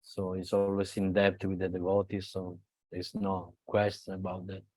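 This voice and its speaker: A man from Italy with an Italian accent, speaking earnestly at a devotional gathering, halting and laughing a little as he restarts. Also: sits low, monotone, a little mellow, no room sound. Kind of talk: devotional talk on a video call.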